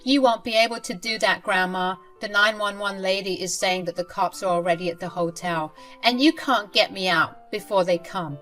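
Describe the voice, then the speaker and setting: A woman's voice: mid-range voice, normal speed, few pauses, a bit bright, soft background music, natural voice. A woman voicing a clever young boy who speaks in a firm, defiant way.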